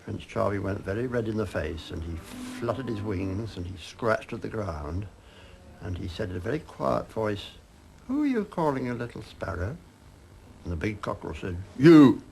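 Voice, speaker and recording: An older man telling a child a story in a lively, dramatic way, as a grandfather. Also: lowish voice, moderate pace, vocal fry, a little hiss or hum.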